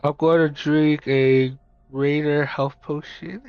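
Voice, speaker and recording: A man playing a tabletop game, flat and wry. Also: a little high, takes it slowly, soft background music. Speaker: player. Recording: dull dry lo-fi mic.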